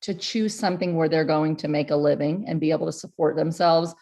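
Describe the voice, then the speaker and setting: A middle-aged woman with a lower-pitched voice, talking as a guest in a relaxed conversation. She comes across as empathetic and chatty, responding easily to the host. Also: brisk. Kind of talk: casual conversation.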